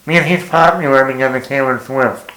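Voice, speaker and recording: A man giving a blunt, exasperated casual film review, swearing freely and now and then quoting lines in a higher voice. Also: a little fast, sharp tone. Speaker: movie reviewer. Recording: echoey room.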